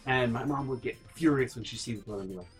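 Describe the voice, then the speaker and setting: A man's voice: mid-range voice, fast, soft background music. A man telling a story as a vlog host, exasperated and incredulous, sick and a little out of breath. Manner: exasperated, incredulous rants with repeated no's. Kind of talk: casual storytelling monologue.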